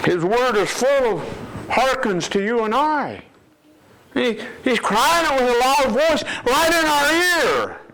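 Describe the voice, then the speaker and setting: A man's voice: very high-pitched, big pitch swings, slow, pushed and bright, slight background noise, poor audio. A man preaching a sermon with emphasis, reading scripture aloud and repeating his words.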